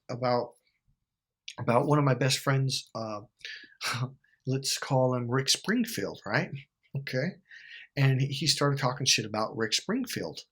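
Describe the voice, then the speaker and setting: Male vlogger, husky voice, swears freely, rambling and chatty. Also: mid-range voice, a bit bright. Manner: profane, rambling, laughs between lines. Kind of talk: casual storytelling vlog.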